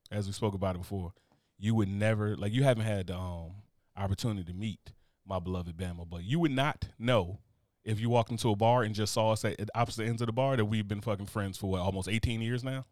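Male podcast host, 30s, from Newark; fast, profane, joking, dry mic. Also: lowish voice, no room sound. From Newark, New Jersey. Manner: profane, joking, animated storytelling. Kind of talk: casual chat.

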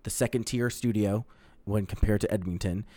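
A man's voice: fairly low pitch, steady tone, moderate pace, dark tone, no echo. A man co-hosting a podcast, chatting casually and profanely about gaming news. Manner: profane, rambling, reads headlines aloud. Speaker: podcast co-host.

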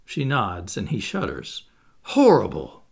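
A man reading a stage play aloud, giving the stage directions in an expressive, theatrical way. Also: mid-range voice, a little slow, creaky. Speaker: reader.

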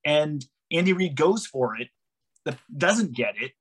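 A man's voice: fairly high pitch, expressive, unhurried, slightly rough. A man on a casual sports podcast, arguing emphatically and restarting phrases.

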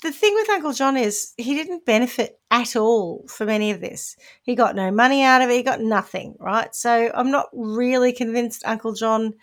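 A woman's voice: a little high, moderate pace, few pauses. A woman with a New Zealand accent, co-hosting a podcast and telling a true-crime story in a chatty, wry way. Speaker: podcast co-host presenting the case. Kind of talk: casual chat.

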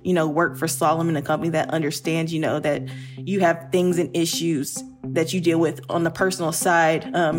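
A woman recruiter talking candidly and reflectively in a casual podcast conversation, with many fillers. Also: low-pitched.

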